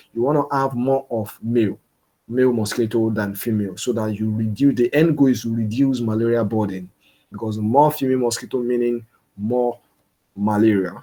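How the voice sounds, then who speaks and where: A man's voice: medium pitch, warm tone. A young man from Nigeria giving an informal science lecture, explaining step by step with many fillers and restarts. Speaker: guest lecturer.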